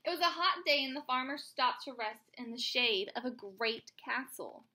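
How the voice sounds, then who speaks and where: A young woman, a teacher at home, reading a storybook aloud to her child with animated, chatty asides. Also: high voice, normal speed.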